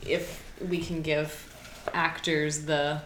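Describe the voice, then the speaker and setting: A woman's voice: low voice, level tone, slow, fairly bright tone. A woman in casual chat about film awards, talking with many fillers and laughing often. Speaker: podcast co-host. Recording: echoey room with faint noise.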